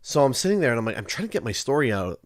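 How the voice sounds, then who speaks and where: A man from Canada hosting a livestream, telling a school story in a casual, animated way. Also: mid-range voice, very fast. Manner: animated, acts out quoted voices. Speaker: livestream host.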